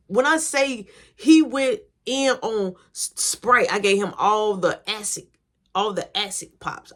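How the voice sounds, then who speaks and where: A young adult woman telling a casual story, animated and slangy, acting out the quotes. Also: medium pitch.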